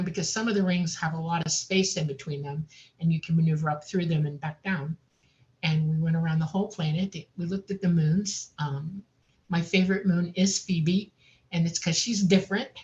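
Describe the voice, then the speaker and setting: A woman recounting a personal experience in a casual, animated way, laughing often and saying "I mean" a lot. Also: fairly low pitch, highs cut off. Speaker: guest recounting an abduction experience.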